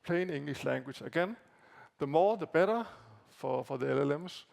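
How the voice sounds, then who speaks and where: A man whose first language is Danish presents slides at a conference. His voice is heavily gravelly, and he talks haltingly, repeating words and filling pauses. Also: fairly high pitch, lively intonation, a little mellow. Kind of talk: conference talk walking through slides. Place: conference hall.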